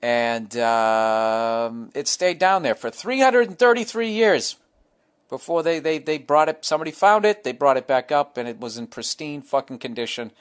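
Man, podcast host, solo rant, profane, rambling, mid-pitched voice. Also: expressive, clear, resonant tone. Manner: rambling, heavily profane, jumps between tangents; acts out crowd members and himself in quick voices. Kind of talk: casual solo podcast monologue.

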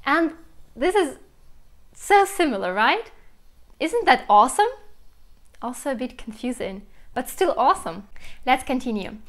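A young woman with a Russian accent gives a lively vocabulary lesson, pitched a little high. She explains each word with enthusiasm and repeats the key words slowly so they sink in. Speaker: language teacher. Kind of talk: language lesson to camera.

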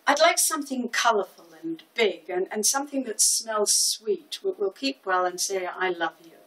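An actress voicing a tall, kind young man who speaks quietly and politely. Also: mid-range voice, animated, normal speed, breathy edge, low-quality recording. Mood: earnest.

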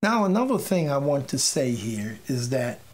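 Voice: medium pitch, very animated, normal speed. A faith teacher giving an informal sermon, emphatic and repetitive, mixing personal testimony with exhortation and sometimes stumbling over words. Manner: emphatic, repeats key phrases, stumbles on words. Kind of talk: informal preaching monologue.

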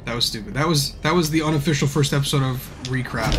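A young man streaming a game, rambling, swearing and telling stories in animated bursts. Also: medium pitch, quick pace, few pauses, over loud music. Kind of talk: live-stream gameplay commentary.

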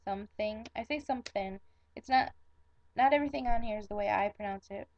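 A woman's voice: fairly high pitch, gravelly, a little mellow, dry recording, highs cut off. A young woman with a Michigan accent chatting casually in a vlog, saying words over and over and commenting on them. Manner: chatty, self-conscious, repeating words slowly. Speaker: vlogger. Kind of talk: casual accent tag video.

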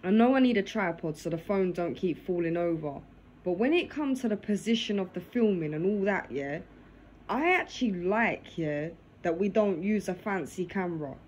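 A woman with a fairly low, slightly mellow voice speaks in an animated way at normal speed as she eats dinner, vlogging to a phone in her lap in her living room. She tags nearly every phrase with "yeah?", and the poor audio has a little hiss or hum.

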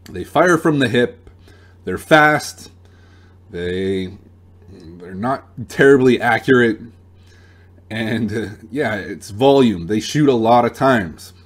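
A young man hosting an advice channel, talking in a relaxed, plain-spoken monologue with a few restarts. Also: medium pitch, slow, long pauses, husky. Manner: relaxed, plain-spoken, uses gun comparisons, some restarts. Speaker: dating advice channel host.

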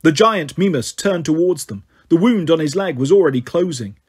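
Husky-voiced male storyteller. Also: a little high, normal speed. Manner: steady storytelling. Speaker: narrator. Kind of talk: audiobook reading.

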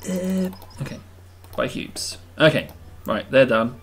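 A man's voice: mid-range voice, expressive, slow pace, husky, soft background music. A man hosting a game video, giving casual, self-amused commentary and thinking aloud as he builds.

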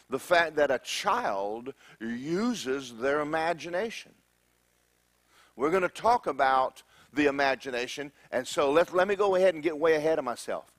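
Lively joking male preacher. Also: on the high side, no room sound. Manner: animated, joking storyteller. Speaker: pastor. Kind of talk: sermon.

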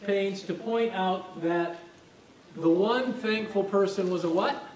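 A man preaching a sermon as pastor, talking in a conversational way and asking the congregation questions. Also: takes it slowly. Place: church sanctuary. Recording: echoey hall, distant mic, faint rumble.

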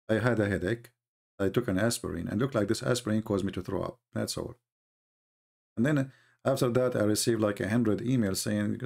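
A man hosting an online talk, speaking as an in a mocking, sarcastic way with lively storytelling. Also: on the low side, gravelly. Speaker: online debate host. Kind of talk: casual live-stream commentary.

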